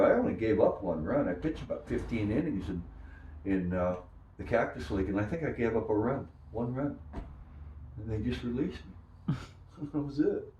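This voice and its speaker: An older man recalling his days as a minor league pitcher, telling stories and acting out the voices of others. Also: highs cut off, slight background noise. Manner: animated storyteller who acts out quoted voices. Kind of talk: storytelling interview. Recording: echoey room, distant mic.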